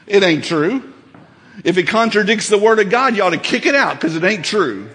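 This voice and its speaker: A man with a high, ringing voice preaches a fervent, folksy sermon that swells into shouts. His voice carries a long reverb off the walls of a large church hall. He talks plainly and colloquially to his congregation. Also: sing-song, normal speed. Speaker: pastor. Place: church sanctuary.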